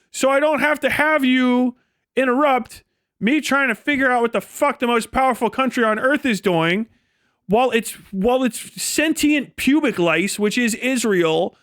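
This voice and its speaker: A man's voice: very high voice, fairly bright tone, clear, resonant tone, dry recording, studio quality. A man streaming live, ranting in an exasperated, profane manner with frequent laughs. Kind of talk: livestream rant.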